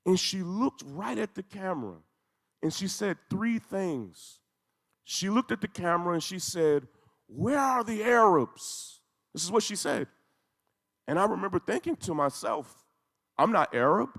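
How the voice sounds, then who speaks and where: A man's voice: high-pitched, animated, moderate pace, creaky, fairly bright tone. A man giving an emotional, intense talk, telling a story with rising emphasis. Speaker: speaker. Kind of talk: emotional speech to a congregation. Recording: echoey hall.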